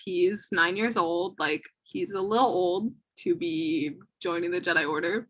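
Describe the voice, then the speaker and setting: A woman's voice: on the low side, normal speed, hardly any pauses, husky. A young woman co-hosting a podcast, talking casually and with strong opinions, full of fillers. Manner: animated, opinionated, filler-heavy. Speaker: podcast co-host. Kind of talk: casual chat.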